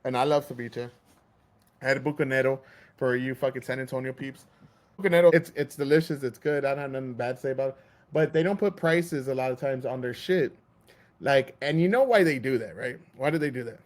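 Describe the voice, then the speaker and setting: A man's voice: mid-range voice, fairly quick. A man hosting a podcast, ranting in casual, profane chat and acting out store clerks' lines. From Texas. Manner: heated, swearing, acts out store clerks. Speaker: podcast host.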